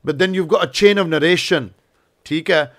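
A man's voice: on the high side, moderate pace, fairly bright tone. A man hosting a casual religious discussion, explaining at length and mixing Urdu words into his English. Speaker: imam and host.

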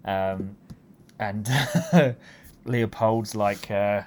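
A man's voice: medium pitch, normal speed. Chatty man riffing. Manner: rambling, amused, many fillers. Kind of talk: casual comedic chat.

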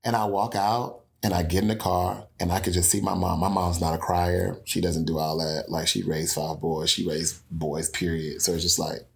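Young man from Houston, very low and gravelly voice; earnest interview guest. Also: flat delivery, normal speed, hardly any pauses. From Houston, Texas. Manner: earnest, with frequent restarts and quoted dialogue. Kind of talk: emotional personal storytelling.

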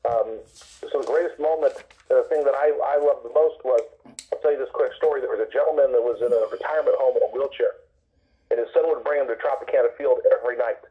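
A man's voice: medium pitch, fast talker. A male sports broadcaster, a guest on a phone-in, telling stories in a rambling, heartfelt way with many restarts. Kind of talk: phone-in interview storytelling. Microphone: phone line. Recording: tinny phone line.

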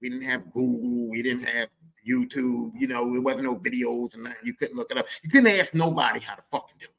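A man holds forth in a comic storytelling monologue with a bright, forceful voice. He swears freely and hammers lines home by repeating them, with a middling pitch and lively delivery. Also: a little fast, creaky. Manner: profane, animated, repeats lines for emphasis. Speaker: podcast host.

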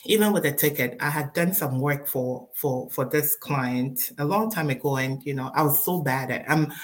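A woman as a guest storyteller giving a personal faith testimony, animated and acting out dialogue with many fillers. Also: sits low, normal speed.

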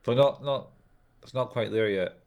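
A man's voice: medium pitch, moderate pace, creaky, darkish tone. A man casually recapping an episode in a chat, rambling along and acting out quotes with laughs.

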